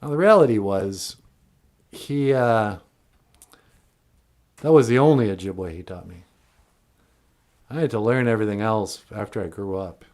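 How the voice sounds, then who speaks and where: A man's voice: lowish voice, measured pace, pauses often, darkish tone. A man, a cartoonist and puppeteer, telling a comic story in a folksy, digressive way.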